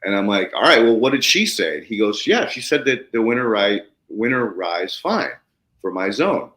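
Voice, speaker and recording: Speaking at a normal speed, a deep-voiced man hosts a relaxed podcast and spins lively, animated stories. He curses offhandedly, and his pitch leaps upward whenever he plays out excitement or surprise. Everything carries a roomy echo.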